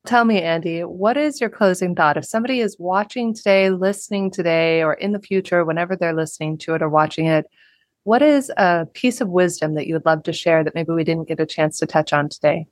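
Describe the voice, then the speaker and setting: Low-voiced woman podcast host, encouraging. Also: brisk, no room sound. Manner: warm, encouraging, effusive. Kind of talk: podcast interview.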